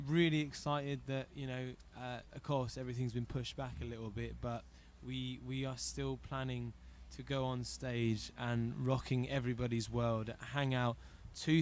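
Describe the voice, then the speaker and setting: A man's voice: mid-range voice, steady tone, a little slow, hardly any pauses, slight background noise. An English man, a rock band's frontman, chatting dryly and jokingly in a casual backstage radio interview. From England. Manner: dry, joking, laid-back. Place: festival backstage.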